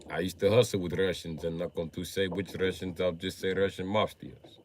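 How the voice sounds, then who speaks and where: A man's voice: low voice, a little fast, hardly any pauses, noisy background. Profane American man riffing loosely. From United States. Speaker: livestreamer. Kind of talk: casual comic storytelling.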